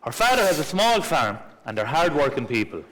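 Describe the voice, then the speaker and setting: Middle-aged Irish man, stage role, measured and reasoning, pitch rises and falls freely. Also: big pitch swings, a bit bright, a little hiss or hum, low-quality recording. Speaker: club member reading a letter aloud. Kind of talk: stage play acting.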